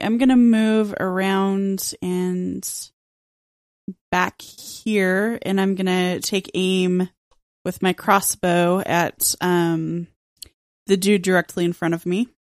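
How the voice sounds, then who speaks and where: A woman speaks slowly at a tabletop game, counting dice aloud and calling her attacks. Her voice is dry and close. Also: medium pitch, steady tone, no echo. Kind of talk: casual tabletop game talk.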